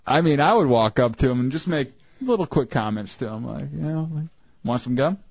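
A man co-hosting a radio show, tossing out deadpan joking remarks. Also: mid-range voice, brisk, creaky, husky, no room sound, highs cut off. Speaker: radio co-host. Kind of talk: casual radio banter.

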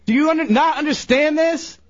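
A man's voice: very high-pitched, brisk, no echo, muffled recording. A man working as a radio show producer, ranting angrily and belittling an intern on air. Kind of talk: heated on-air argument.

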